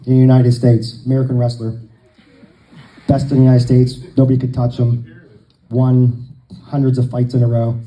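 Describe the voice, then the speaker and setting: A man's voice: mid-range voice, warm tone, low-quality recording. A man telling long jokes to a live crowd, a folksy storyteller who acts out the dialogue.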